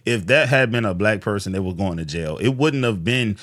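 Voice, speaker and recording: A man's voice: on the low side, fairly quick, fairly bright tone, no echo, studio quality. A man with a New Orleans accent giving blunt, slangy reaction commentary.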